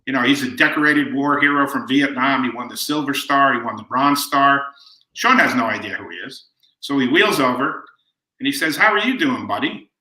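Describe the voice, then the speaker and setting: Brief: man in his fifties, podcast guest, very bright and forceful tone, easy storyteller, echoey room. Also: medium pitch, moderate pace. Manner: relaxed anecdotal storyteller who acts out quoted lines. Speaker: guest author. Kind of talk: storytelling in conversation. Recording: roomy echo.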